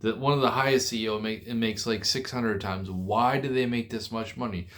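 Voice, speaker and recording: A man's voice: on the low side, steady tone, a bit bright. A young man venting angrily to camera about work and money, swearing often and restarting his sentences. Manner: profane, frustrated, halting with restarts. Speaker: forklift driver venting online. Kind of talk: angry rant to camera.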